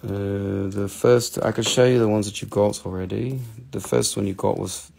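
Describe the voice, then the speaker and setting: A crystal seller from North Carolina, speaking with a Southern US accent, runs a live online stream with rambling, humorous salesman talk. His fairly low voice is steady, gravelly and darkish, at a moderate pace.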